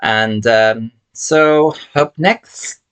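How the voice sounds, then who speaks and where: A man's voice: medium pitch, extremely slow, fairly bright tone, smooth. A man chatting casually to camera as a video host, rambling with emphatic opinions. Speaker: channel host showing his film collection. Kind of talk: casual vlog talk to camera.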